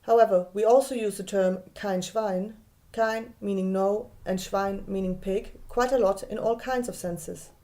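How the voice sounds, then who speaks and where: Young woman, German accent, mellow tone, measured scripted delivery, slows down on foreign terms. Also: mid-range voice, steady tone. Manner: clear, careful, slows down to spell out German words. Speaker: podcast host. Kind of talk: scripted explanatory monologue.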